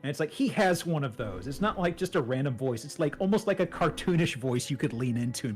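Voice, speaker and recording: A man chatting as a guest, telling stories in a rambling, animated way with many restarts. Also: on the high side, quick pace, hardly any pauses, soft background music. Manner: rambling, animated storytelling with laughs. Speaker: guest streamer. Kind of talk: casual chat.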